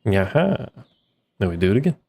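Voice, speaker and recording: Laid-back low-voiced man narrating gameplay. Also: very animated, normal speed, a little mellow. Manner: laid-back, rambling, wry asides to himself. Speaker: streamer playing a modded block-building game. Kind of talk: casual gameplay commentary.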